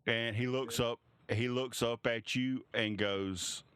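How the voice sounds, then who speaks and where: Slow, clear-voiced male game master. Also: medium pitch, steady tone, a bit bright, no room sound. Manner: measured, descriptive narration. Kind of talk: narrating a tabletop game.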